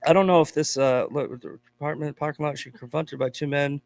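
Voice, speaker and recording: A man's voice: a little high, steady tone, a little fast, gravelly, no room sound. A man from Boston, a podcast guest, telling stories in blunt, profane casual chat. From Boston, USA.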